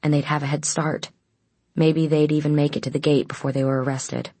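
A woman narrating an audiobook in a steady, even storytelling manner. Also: low-pitched, fairly quick, slightly rough, no room sound. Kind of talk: scripted narration.

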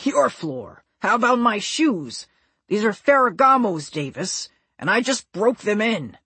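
Huge bald grump, husky and blunt, rises and falls a lot, as a woman reads him. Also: mid-range voice, very animated, unhurried, fairly bright tone, no echo, full character voice. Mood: indignant. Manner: blunt and exasperated. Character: huge bald gruff man, fed up. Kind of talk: audiobook character voice.

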